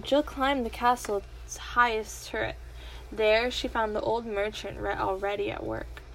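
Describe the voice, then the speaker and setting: A woman reading a storybook aloud with expressive, animated narration. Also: mid-range voice, slight background noise, low-quality recording.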